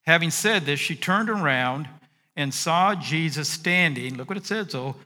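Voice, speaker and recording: Bright-voiced man preaching a sermon. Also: a little high, unhurried, in a large hall. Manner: expressive, swinging from hushed to emphatic. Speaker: pastor.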